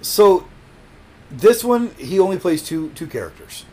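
Husky guy going through movie trivia on a podcast, voice jumps up n down a lot. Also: high-pitched, sing-song, measured pace, mellow. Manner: hesitant, lots of fillers and restarts, laughs easily. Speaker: podcast co-host. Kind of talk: casual chat with trivia.

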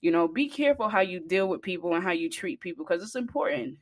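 Blunt, animated woman with a low voice. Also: fast talker, no echo, clean studio sound. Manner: blunt, profane and animated, rising in pitch and volume when heated. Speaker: vlogger. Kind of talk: casual storytelling to viewers.

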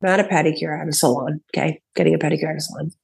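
A woman comedian in her thirties is a guest on a podcast, swapping casual stories, acting out quotes, and laughing a lot. Her voice is deep with vocal fry and a breathy edge, and she talks rapid-fire.

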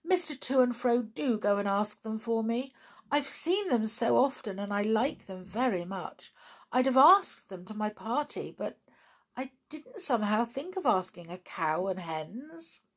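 Woman putting on an anxious little toy girl, high and breathless, swooping, storybook reading. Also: lively intonation, a little slow. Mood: delighted.

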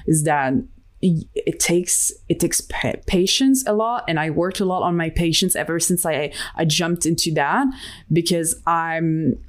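A woman's voice: sits low, measured pace. A young woman being interviewed about her art, talking candidly and reflectively, with many fillers and restarts. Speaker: interview guest, digital artist. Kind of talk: casual interview conversation.

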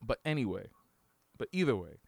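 A man's voice: medium pitch, sing-song, brisk, creaky, no echo. A man co-hosting a podcast in casual, joking chat, often restarting his sentences. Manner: playful, joking, full of restarts. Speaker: podcast co-host.

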